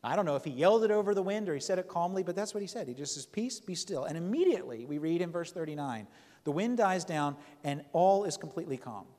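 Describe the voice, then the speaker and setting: A man's voice: on the high side, lively intonation, quick pace, a little mellow, big-room sound. A man preaching a sermon, reading scripture aloud and explaining it in a conversational way, often checking in with "right?" and restarting phrases.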